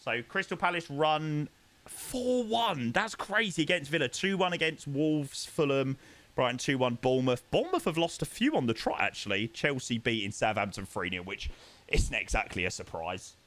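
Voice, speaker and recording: A man's voice: medium pitch, animated, moderate pace, a bit bright. A young man, chatting casually with viewers on a live stream and thanking them by name.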